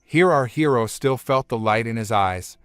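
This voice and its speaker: A man reads a comic recap in a plain, steady delivery, chaining events together one after another. His voice sits at an ordinary middle pitch. The recording is close and dry, with no room sound. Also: moderate pace, smooth, no echo, soft background music. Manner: plain retelling strung together with "and then". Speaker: recap narrator.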